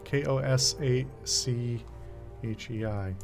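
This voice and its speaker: A man streaming a game, reading its text aloud and thinking out loud in a casual way, stumbling now and then over words. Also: medium pitch, slow, vocal fry, music in the background.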